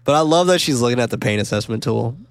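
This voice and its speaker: A man co-hosting a casual film discussion, talking excitedly, swearing often and acting out lines from the movie. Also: mid-range voice, fast, dry recording. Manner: animated, swears a lot, acts out quotes. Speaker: podcast co-host.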